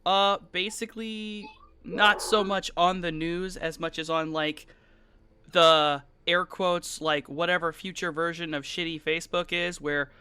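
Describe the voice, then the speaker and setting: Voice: mid-range voice, fairly even intonation, a little slow, bright, forceful tone, clear, resonant tone. A game master who explains the scene to players in a rambling, conversational way. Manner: rambling, filler-heavy, conversational.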